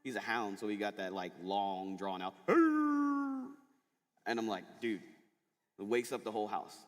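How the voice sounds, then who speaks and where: A man speaking in a lowish, fairly even voice at a moderate pace gives a casual sermon to middle school students. He tells stories loaded with filler words, and the big chapel hall adds a lengthy echo.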